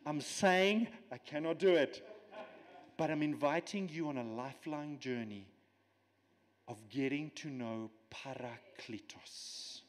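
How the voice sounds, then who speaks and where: A man giving a sermon as a guest preacher, animated and teaching with everyday examples and asides. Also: on the high side, takes it slowly, in a large hall. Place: church.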